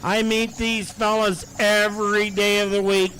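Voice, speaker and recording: Older man, high and bright, folksy announcer and auctioneer at an outdoor pull. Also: little pitch movement, slight background noise, poor audio. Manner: folksy, rapid-fire auction chanting. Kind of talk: live event announcing and auction chant. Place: outdoor raceway.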